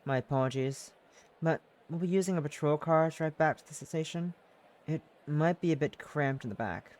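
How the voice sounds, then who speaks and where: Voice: medium pitch, moderate pace, a little mellow, pitched below the performer's own voice, lightly acted. A streamer voicing a polite, businesslike police detective.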